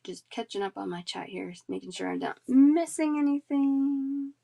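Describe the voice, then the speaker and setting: Gravelly-voiced woman selling beads live. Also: high-pitched, level tone, moderate pace, warm tone. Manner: chatty, reads chat aloud and rattles off prices. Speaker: bead seller hosting a live sale. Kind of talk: casual live-stream sales chat.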